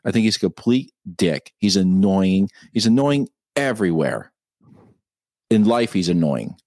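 A man's voice: low-pitched, lively intonation, unhurried, mellow, no room sound, studio quality. A man co-hosting a casual live-stream chat, ranting and swearing freely. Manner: profane, ranting. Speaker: co-host.

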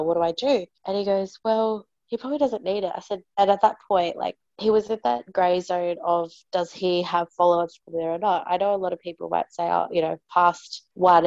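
Woman, 30s, animated exasperated storyteller; dull, dry recording. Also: gravelly, no room sound. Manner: animated, exasperated, mimics others in raised pitch. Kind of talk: casual storytelling.

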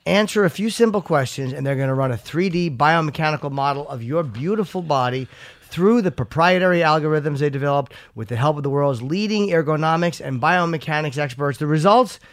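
A man's voice: fairly high pitch, lively intonation, brisk. A man hosting a casual talk show who rambles, swears freely and often restarts his sentences, also reading a sponsor ad. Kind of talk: casual chat and live ad read.

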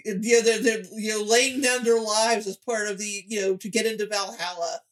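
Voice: medium pitch, steady tone, moderate pace. A podcast co-host in casual chat who stumbles and repeats words while making a point.

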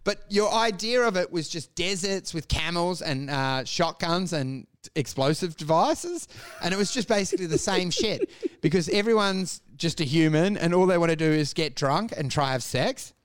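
A man's voice: high voice, big pitch swings, moderate pace, smooth. A young man chatting casually as a podcast co-host, jokey and sweary, slipping into put-on voices. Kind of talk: casual chat.

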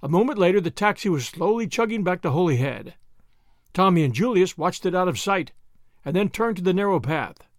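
Expressive male audiobook narrator. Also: high-pitched, brisk, no room sound, clean studio sound. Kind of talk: scripted narration.

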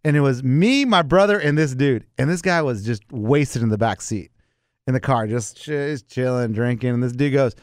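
A man's voice: medium pitch, normal speed, no echo, studio quality. A man telling stories in casual chat on a show, acting out what people said. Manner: animated storyteller who acts out quotes.

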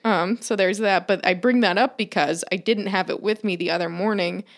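A young woman co-hosting a podcast tells a story in loose, casual chat. She acts out what everyone said in dramatic little asides and swears without a second thought. Her pitch sits in an ordinary middle range for a woman. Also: fairly even intonation, normal speed. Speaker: podcast co-host.

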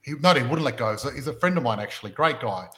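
Australian male podcast host, casual, story-driven, middle pitch. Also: expressive, quick pace, fairly bright tone. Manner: storytelling, rhetorical questions. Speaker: podcast host and property investment mentor.

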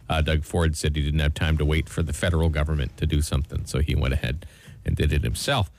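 A man's voice: rumbling low, little pitch movement, fast, creaky, a little mellow. A man hosting a radio show, reading the news rundown in an easygoing, wry way.

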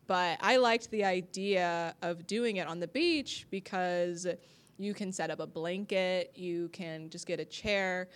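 A woman's voice: on the low side, measured pace. A woman comedian in casual conversation, often laughing and acting out the people she quotes. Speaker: comedian, podcast guest. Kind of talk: casual chat.

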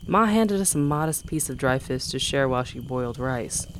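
A man's voice: medium pitch, animated, moderate pace, a bit bright, slight background noise. Man narrating a memoir evenly. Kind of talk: first-person memoir narration.

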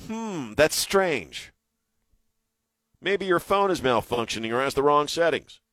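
A man voicing a stubborn, insistent chatbot, reading its lines quickly on talk radio. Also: on the high side, expressive, a bit bright, no echo, pitched above the performer's own voice.

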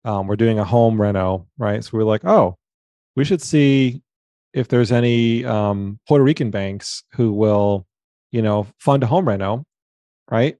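A relaxed male guest with a warm, mellow voice who often checks in with "right?". The recording is dry, with no room echo. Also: lowish voice, unhurried. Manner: relaxed, hedging, frequent "right?" tags. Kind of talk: casual business chat.

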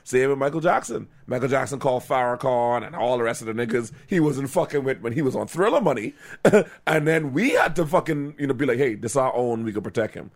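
A man co-hosting a podcast in casual chat, an animated storyteller who laughs often and acts out quotes. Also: mid-range voice, brisk, gravelly, few pauses. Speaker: podcast co-host.

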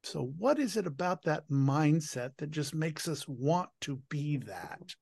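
A man hosting a casual interview, talking in a slow, drawn-out, effusive way. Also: a little high, lively intonation, creaky, a little mellow, husky, no room sound. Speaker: host.

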